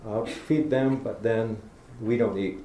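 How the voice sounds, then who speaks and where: A middle-aged public lecturer gives a talk in a university lecture hall, telling folksy stories and acting out how he speaks to children. His voice is lowish and dark, and he takes it slowly. The recording is echoey with faint noise.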